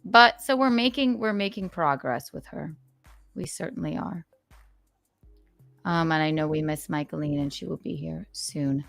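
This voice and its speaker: A woman's voice: deep voice, normal speed, creaky, a bit bright, dry recording, faint music behind. Chatty woman hosting a livestream. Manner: chatty, reads out viewer donations playfully. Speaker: livestream host. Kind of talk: casual livestream chat.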